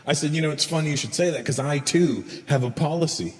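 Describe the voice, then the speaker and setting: A man's voice: on the high side, fast talker. A man doing a stand-up comedy set, telling a crude story and acting out both sides of the dialogue. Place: large live venue with laughing audience. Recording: roomy echoing hall, faint ambience.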